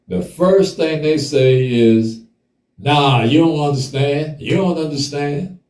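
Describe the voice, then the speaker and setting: A man hosts a casual group chat, speaking slowly and deliberately in a laid-back, joking way. His voice is mellow and dark. He sits back from the mic in an echoey room. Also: medium pitch, recorded from a distance. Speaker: podcast host.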